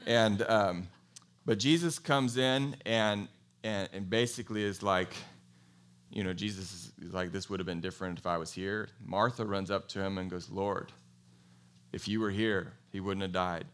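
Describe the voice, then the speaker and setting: A man preaching a sermon in a conversational, animated way, telling a Bible story and asking his congregation questions. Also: low voice, normal speed. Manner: animated storytelling, acts out quoted voices. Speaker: pastor.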